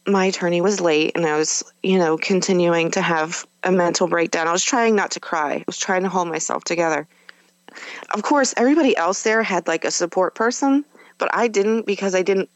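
A woman's voice: fairly low pitch, no echo, low-quality recording. A woman guest on a podcast, candidly recounting a personal experience in a conversational way, with fillers and self-corrections.

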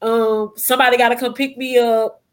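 Guest, young woman, fairly high voice, emotional first-person storyteller who acts out the dialogue. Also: flat delivery, moderate pace. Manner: emotional retelling with acted-out quotes.

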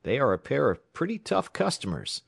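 A man's voice: medium pitch, huge pitch swings, moderate pace, vocal fry, slightly rough, no room sound, clean studio sound, pitched above the performer's own voice, heavily acted. A man voicing a sly male time clerk who speaks with false earnestness.

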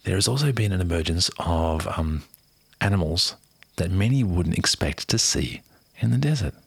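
A man reads a news article aloud softly and unhurriedly, drifting into near-whispers and chatty asides. His very low voice is rough and breathy with heavy fry, yet his intonation stays lively. The recording is dry and close, with no room sound.

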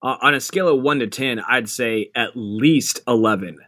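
A man's voice: mid-range voice, moderate pace, bright, forceful tone, dry recording, clean studio sound. A man co-hosting a casual sports podcast, joking and rambling. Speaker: podcast co-host.

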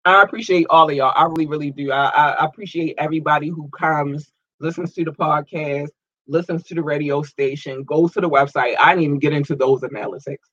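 A man hosting a podcast, reading out listener shout-outs in a casual, upbeat way and tripping over place names. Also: a little high, fairly even intonation, a little fast, dry recording, highs cut off. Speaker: podcast host.

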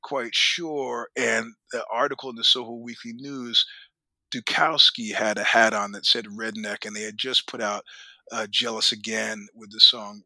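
An older man as an interview guest, telling animated anecdotes with acted quotes and laughter. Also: fairly low pitch, normal speed, creaky, no echo. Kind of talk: storytelling interview.

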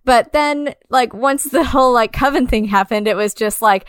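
A woman's voice: on the high side, normal speed, smooth, no room sound, clean studio sound. A woman in a casual chat about a film, rambling with lots of filler words and quoting characters and herself. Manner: rambling, full of "like" fillers, quotes people in a put-on voice.

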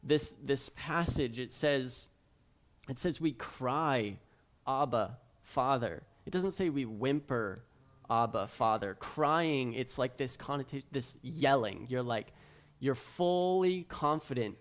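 A young man preaching a casual sermon, telling stories in an animated way with a lot of filler words. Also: medium pitch, slow. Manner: animated storytelling, many fillers like "like".

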